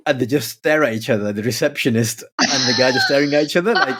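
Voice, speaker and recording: A man's voice: mid-range voice, quick pace, hardly any pauses, fairly bright tone. A man, a podcast guest telling anecdotes in a rambling, casual way, full of restarts. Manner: chatty, rambling with frequent restarts.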